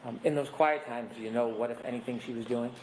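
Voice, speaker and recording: Prosecutor examining a witness, mid-pitched man's voice, steady and methodical. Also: slight background noise, poor audio. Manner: measured, methodical questions. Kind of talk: courtroom questioning. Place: courtroom.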